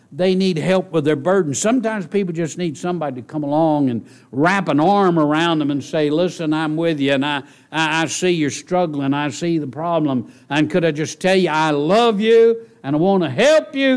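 Male preacher for a sermon, conversational asides, builds to emphatic peaks. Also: a little high. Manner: earnest, builds from quiet musing to raised emphatic preaching; conversational asides, direct questions to the congregation.

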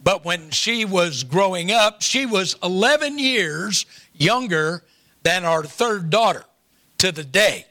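A man's voice: sits high, animated, takes it slowly, pushed and bright. An older man preaching a sermon, telling a folksy family story with humorous asides before turning to scripture. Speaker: pastor.

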